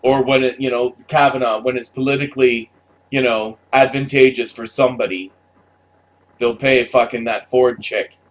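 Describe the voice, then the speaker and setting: A man's voice: mid-range voice, fairly even intonation, moderate pace. A man delivering a heated, profanity-filled opinion rant, stammering and repeating himself as he talks. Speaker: commentator.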